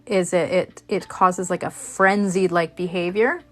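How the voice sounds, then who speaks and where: Chatty low-voiced woman crafting on camera. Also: steady tone, measured pace, a bit bright. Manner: chatty, rambling, many fillers and restarts. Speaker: crafting channel host. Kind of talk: casual chat while crafting.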